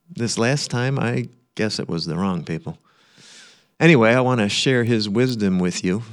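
A man hosting a scripted radio commentary, delivering it with dry, deadpan humor. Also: fairly low pitch. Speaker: radio host.

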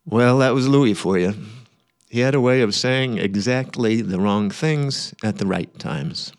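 A man hosting a scripted radio commentary, delivering it with dry, deadpan humor. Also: mid-range voice, measured pace. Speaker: radio host.

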